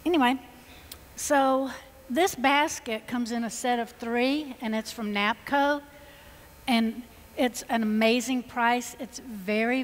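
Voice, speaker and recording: Woman, Georgia Southern accent, enthusiastic stage demonstrator, slightly high voice, long reverb in a large hall. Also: slight background noise. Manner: chatty, enthusiastic, folksy. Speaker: floral designer presenting on stage. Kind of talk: live stage design demonstration.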